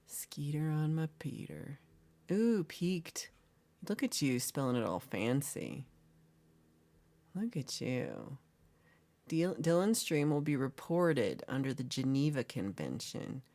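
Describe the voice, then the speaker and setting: A woman's voice: low-pitched, very animated, takes it slowly, dark tone. A woman hosting a casual livestream, playfully reading and answering chat comments and teasing her viewers. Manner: jokey and teasing. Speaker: livestream host.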